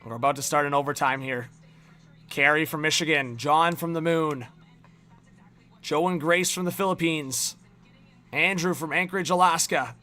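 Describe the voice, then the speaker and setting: A man's voice: a little high, normal speed, pauses often, pushed and bright, faint music behind. A man hosting a live reaction stream, cheerfully rattling off viewer names and locations and laughing often.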